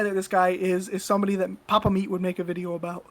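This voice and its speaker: A woman's voice: on the low side, level tone, fast talker. A woman co-hosting a podcast, telling a story in a casual, blunt and profane way. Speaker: podcast co-host.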